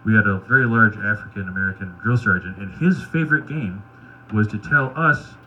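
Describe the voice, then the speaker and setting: A man doing stand-up, telling wry, crude anecdotes in a deadpan way. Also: fairly low pitch, brisk, muffled recording, slight background noise. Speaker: stand-up comedian. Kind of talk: stand-up storytelling at an open mic.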